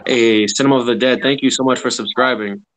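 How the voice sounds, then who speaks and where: A man with a mid-pitched voice hosts a casual hangout, reacting with loud exclamations and swearing. His talk is loose and conversational. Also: steady tone, fast talker, poor audio. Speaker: channel host. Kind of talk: casual chat.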